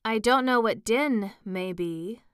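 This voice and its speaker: Woman reading as the Mock Turtle, a gloomy old male sea creature from a storybook, drawn-out and touchy, in a smooth voice close to a dry mic, unhurried and a shade higher than plain narration. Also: fairly bright tone, no echo. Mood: mournful. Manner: mournful, easily offended.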